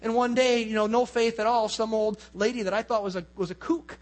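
A man pastor giving a conversational sermon in a church, telling stories with many asides; his voice is weak and fades in the low range. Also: little pitch movement, a little fast.

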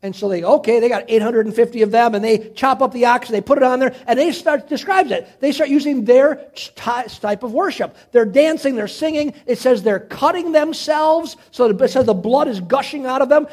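A man preaching, dramatically retelling a Bible story, swinging from loud to hushed. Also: very high voice, brisk, few pauses. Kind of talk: animated Bible storytelling sermon.

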